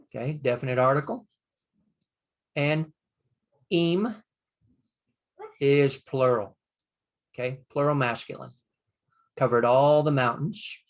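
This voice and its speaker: An older man teaching a Bible Hebrew lesson, slowly sounding out Hebrew words and explaining them with frequent pauses. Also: medium pitch. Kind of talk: screen-share lesson.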